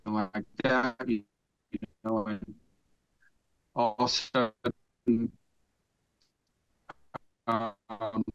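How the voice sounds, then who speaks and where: A man's voice: fairly low pitch, level tone, drawn-out words, long pauses, a bit bright, no room sound. An older man from the United States, a podcast guest, telling a rambling, profane story in casual talk and laughing as he goes. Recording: dull lo-fi dry sound.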